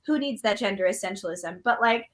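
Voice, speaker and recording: A woman's voice: medium pitch, animated, a little fast. Woman, young adult, chatty, filler-heavy, casual interview talk. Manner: chatty, many likes and ums, laughing asides. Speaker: magician guest.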